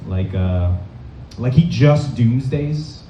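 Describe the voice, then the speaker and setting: Young man, rambling deadpan stand-up, dark mellow voice, distant roomy club sound. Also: mid-range voice, takes it slowly, muffled recording, slight background noise. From Massachusetts. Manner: rambling, filler-heavy deadpan delivery. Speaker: stand-up comedian. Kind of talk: stand-up set. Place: comedy club stage.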